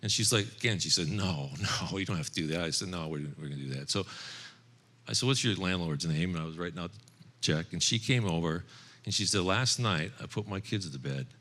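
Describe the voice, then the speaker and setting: A man's voice: deep voice, animated, brisk, bright, forceful tone. A middle-aged man telling a personal testimony to a men's Bible study group in an earnest storytelling manner. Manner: earnest, storytelling, quoting others in his own voice, occasional laughs.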